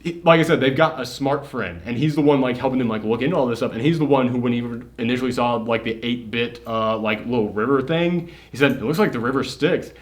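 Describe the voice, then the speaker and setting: A man talks through a horror film's plot in a loose, casual review chat. His voice sits in a middle pitch and stays animated. He swears freely and leans on filler words between thoughts. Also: fast talker, few pauses. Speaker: film reviewer.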